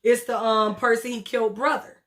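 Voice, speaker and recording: A woman, recapping a TV episode in a casual, blunt, profane way with animated retelling and acted quotes. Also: on the high side, moderate pace. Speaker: TV show reviewer.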